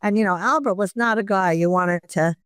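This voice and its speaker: An older woman, a retired baseball executive, reminiscing warmly in a casual interview. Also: mid-range voice, fairly quick, clear, resonant tone, no room sound, clean studio sound.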